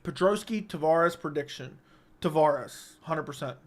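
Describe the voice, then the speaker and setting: This livestream host, a man with a high voice, goes through viewer comments in a casual chat and doesn't mince words, making snap, opinionated calls. He's recorded on a studio microphone.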